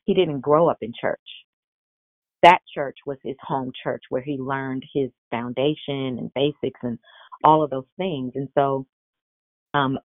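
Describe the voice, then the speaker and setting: A woman's voice: low-pitched, no room sound. Woman in her forties preaching a sermon, tinny. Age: 40s. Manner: animated storytelling with quoted dialogue. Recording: tinny phone-like sound.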